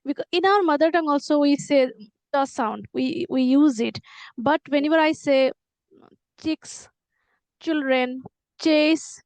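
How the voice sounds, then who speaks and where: A woman's voice: high voice, normal speed, a little mellow, no room sound, poor audio. A woman, talking reflectively about her own struggles with pronunciation in a podcast chat.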